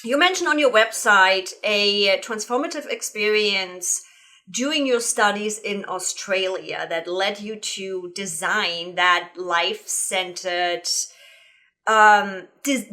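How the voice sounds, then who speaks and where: A woman's voice: medium pitch, sharp tone. A woman in her fifties hosting a podcast interview, chatty and self-deprecating, drifting into little asides. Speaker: podcast host.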